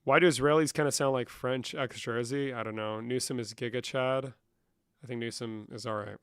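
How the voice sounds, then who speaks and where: A man's voice: medium pitch, steady tone, moderate pace, clear, resonant tone, dry recording, studio quality. Profane young man reading chat. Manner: profane, reads chat aloud and answers. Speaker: streamer. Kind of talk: casual live-stream chat.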